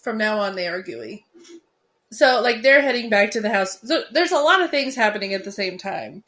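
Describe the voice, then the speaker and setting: A woman co-hosting a podcast, chatting about a film in an excitable, rambling way and laughing easily. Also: mid-range voice, normal speed. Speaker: podcast co-host. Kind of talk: casual chat about a film.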